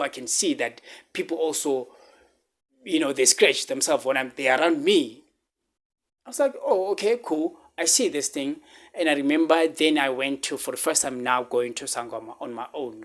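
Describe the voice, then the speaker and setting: A man telling a personal story on his vlog, halting and repeating himself, close to tears. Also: medium pitch, a bit bright. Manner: halting, repeats words, fillers like "man" and "right?". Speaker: vlogger.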